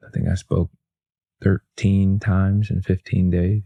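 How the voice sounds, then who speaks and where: A man's voice: sits low, flat delivery, takes it slowly, creaky, dull audio. A man, a motivational speaker, telling stories in a casual, self-deprecating way with lots of fillers and restarts. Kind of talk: casual storytelling.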